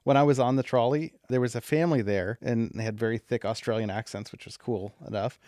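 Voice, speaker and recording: A man's voice: medium pitch, fast, a little mellow, no room sound, clean studio sound. A man co-hosting a podcast in casual chat, a parent who laughs often and wanders into asides. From California. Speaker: podcast co-host.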